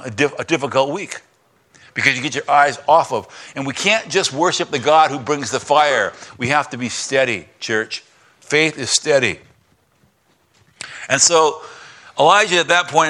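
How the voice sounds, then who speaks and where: Guy preaching to his church, bright punchy voice, goes quiet and low for god, high and whiny for the prophet. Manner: drops to a hushed voice for God's lines, climbs high for Elijah's complaints. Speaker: pastor. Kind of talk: sermon.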